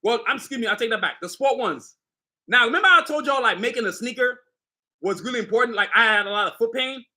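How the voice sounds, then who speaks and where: On his casual live stream, a middle-aged sneaker designer brags about his own line in street slang, constantly speaking to viewers. He talks fast in an extremely high, pushed, bright voice with lively intonation.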